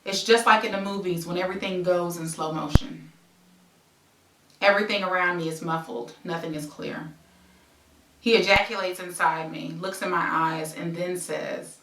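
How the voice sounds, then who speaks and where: A woman's voice: fairly low pitch, fairly even intonation, normal speed, a bit bright, roomy sound, distant mic, rough recording. A woman reading her own memoir aloud as a present-tense story, breaking off into conversational asides. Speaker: memoir author and host.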